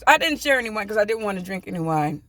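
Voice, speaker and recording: A woman from the US telling a personal travel story in a chatty, animated vlog, acting out what people said. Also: medium pitch, very fast. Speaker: vlogger. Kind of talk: casual storytime.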